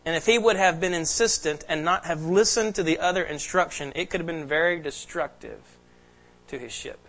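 Bright-voiced man preaching earnestly. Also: fairly high pitch, normal speed, rough recording. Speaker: pastor. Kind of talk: sermon. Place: church sanctuary.

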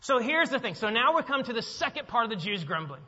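A man's voice: very high voice, big pitch swings, quick pace, pushed and bright, long reverb tail, muffled recording. A man preaching a sermon to his congregation, acting out the voices of the people in the story and quizzing the crowd with questions. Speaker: pastor. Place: church sanctuary.

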